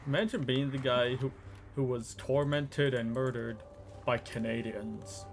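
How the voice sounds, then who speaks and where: A man's voice: mid-range voice, unhurried, soft background music. A man chatting casually while gaming, with a wry, conversational delivery. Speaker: co-player.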